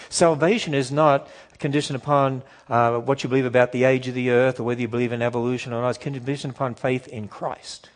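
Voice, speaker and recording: A man giving a sermon-style talk to a church audience, emphatic and animated, firing off rhetorical questions and acting out the objections people raise. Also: medium pitch, quick pace. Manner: acts out quoted objections in shifting voices; emphatic, repetitive build-ups. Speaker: Christian speaker addressing a church audience.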